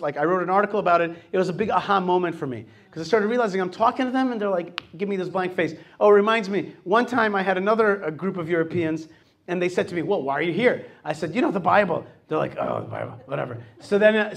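A middle-aged man hosting a talk show, telling stories in a lively, animated way and acting out what people said to him. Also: high-pitched. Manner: animated storytelling, acts out quotes. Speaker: host. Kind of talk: casual radio talk.

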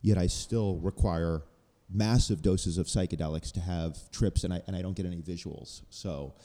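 A man's voice: low-pitched, steady tone, normal speed, mellow, big-room sound. A man in a casual podcast chat, analytical, explaining research findings at length.

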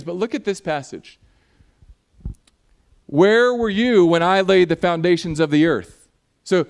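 High-voiced, animated male preacher. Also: moderate pace. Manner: animated, jokey, acts out voices. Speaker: pastor. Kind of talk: sermon.

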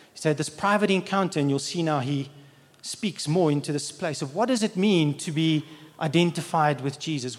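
Man preaching a sermon in a reverberant hall. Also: fairly high pitch. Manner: conversational preaching, acts out quotes.

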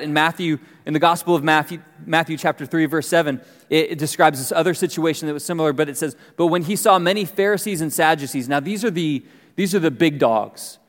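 A man giving a conversational sermon as pastor, telling stories with lively emphasis. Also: fairly high pitch. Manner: conversational preaching, animated storytelling. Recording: long reverb of a large hall.

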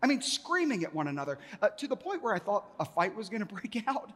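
A male pastor with a high, ringing voice gives a sermon, pushing his pitch and volume up as he acts out the back-and-forth of a story. His words carry a long reverb, as in a large church sanctuary. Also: big pitch swings, fast talker, a bit bright.

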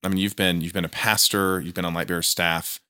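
Low-voiced bright man hosting a podcast. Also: level tone, fairly quick, dry recording, clean studio sound. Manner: enthusiastic, repetitive restarts, stammering on words. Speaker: podcast host. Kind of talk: interviewing guest in casual chat. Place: small studio room.

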